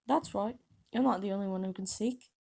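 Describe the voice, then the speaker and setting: A contemptuous, spoiled schoolboy bully with a gravelly edge to his taunts, as a woman reading her story puts him on. The voice sits low and mellow, dripping with scorn. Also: a little fast. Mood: sneering.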